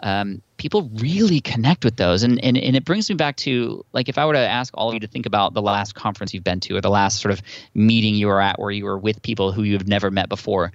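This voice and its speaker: A man's voice: fairly low pitch, fast, dry recording, highs cut off. A man as a podcast guest, chatting and telling stories with many restarts and fillers. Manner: chatty, frequent restarts and fillers, animated storytelling. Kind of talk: conversational interview answer.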